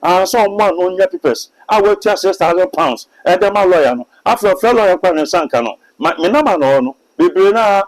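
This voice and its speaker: Preaching through an interview, a Ghanaian pastor and prophet talks emphatically in his Ghanaian accent, mixing in English phrases. His high-pitched, expressive voice moves a little fast with barely any pauses, and the audio is poor.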